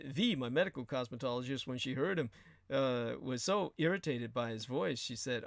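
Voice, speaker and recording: A man's voice: medium pitch, lively intonation, normal speed, gravelly, dry recording, studio quality. A man hosting a show, delivering an emphatic, sardonic political commentary monologue with crude asides. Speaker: show host.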